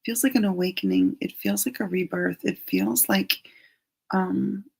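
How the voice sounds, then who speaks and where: A middle-aged woman leads a live-streamed card reading at an unhurried pace. Her voice is gravelly and slightly husky, and she talks in a chatty, gently reassuring way. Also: on the low side, wildly swooping pitch, low-quality recording. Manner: chatty and gently reassuring, drops into soft asides. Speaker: angel card reader hosting a live stream.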